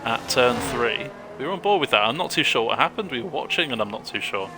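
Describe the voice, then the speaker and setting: A man's voice: mid-range voice, animated, fast talker, noisy background. A man co-commentating a live sim race, chatty and joking between calls.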